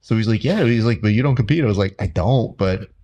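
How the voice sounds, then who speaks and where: Middle-aged guy, kinda husky, low voice, dry jokey storytelling. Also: fast talker, warm tone, lo-fi sound. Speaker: podcast host. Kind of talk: casual conversational storytelling.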